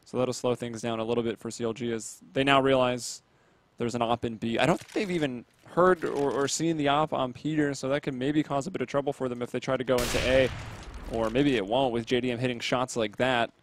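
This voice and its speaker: A man's voice: medium pitch, a little fast, a little hiss or hum. Casual male esports caster at home. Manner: casual, chatty, calls the action with sudden excited bursts. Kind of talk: play-by-play game commentary.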